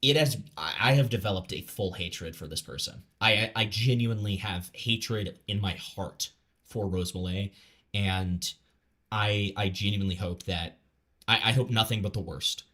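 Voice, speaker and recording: Guy streaming a reaction, lowish voice, rambly, keeps saying like, stutters restarts, swears a lot. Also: moderate pace, sharp tone. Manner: rambling, filler-heavy, stammered restarts; blunt and profane. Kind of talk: casual live reaction commentary.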